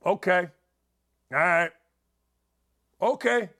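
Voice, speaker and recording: A middle-aged man hosting a sports talk show, loudly ranting and fired up with his opinions. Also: high voice, expressive, a little slow.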